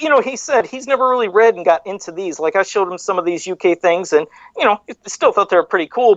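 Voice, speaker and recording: A man's voice: high-pitched, fairly bright tone, dry recording, lo-fi sound. A man hosting a podcast in casual chat, rambling and correcting himself as he goes off on side rants. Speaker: podcast host.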